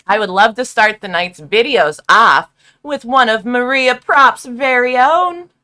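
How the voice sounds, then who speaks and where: Female stream host, upbeat and slangy, bright and animated delivery. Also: a little high, measured pace. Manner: upbeat, laughs often, slangy. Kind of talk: casual live-stream chat.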